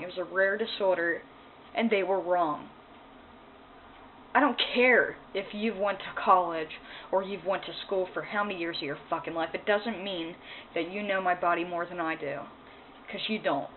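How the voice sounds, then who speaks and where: A woman ranting in a personal vlog, angry, upset and emotional, swearing as she talks. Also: lowish voice. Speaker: vlogger. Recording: tinny phone-like sound, faint noise.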